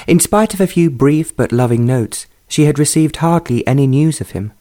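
A man's voice: on the high side, normal speed, mellow. Man reading a period romance aloud. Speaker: narrator. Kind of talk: storybook narration.

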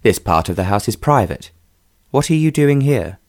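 A man reading aloud, voicing a tall, youngish gentleman who speaks curtly and commandingly, with a disagreeable note. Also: mid-range voice, very animated, normal speed. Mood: impatient. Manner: curt, commanding.

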